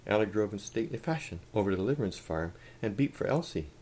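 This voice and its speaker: Gravelly, lively male storyteller. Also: lowish voice, fast talker, hardly any pauses. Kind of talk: humorous story reading.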